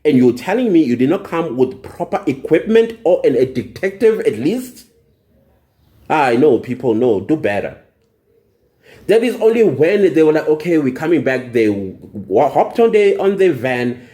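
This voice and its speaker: A man's voice: on the high side, big pitch swings, unhurried, dark tone. Angry man ranting. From South Africa. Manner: indignant, emphatic, repeats phrases for emphasis. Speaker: vlogger. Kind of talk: angry personal vlog rant.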